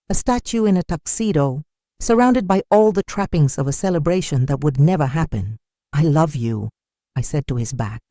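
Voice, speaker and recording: A woman narrating a first-person story slowly and in a measured, somber way. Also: lowish voice, dark tone, dry recording, studio quality.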